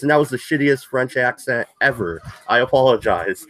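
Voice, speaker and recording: A man's voice: mid-range voice, animated, moderate pace, hardly any pauses, a bit bright, no echo. Guy hosting a political stream, reads news then rants, swears a lot, sarcastic. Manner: profane, sarcastic, reading news aloud with rants. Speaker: host. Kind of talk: casual political talk stream.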